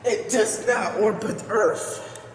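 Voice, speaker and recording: A man doing a shrill, swearing cartoon cat. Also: slow pace. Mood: ranting. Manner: erratic, swearing, bursts into yells. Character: foul-mouthed hyper male cartoon cat. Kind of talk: amateur voice acting. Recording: echoey room, far from the mic.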